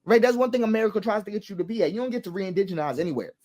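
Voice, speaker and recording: In an impassioned bit of social commentary, a man with a high-pitched, expressive, slightly mellow voice races along. He hammers his points by repeating key phrases, throws out rhetorical questions, and laughs now and then.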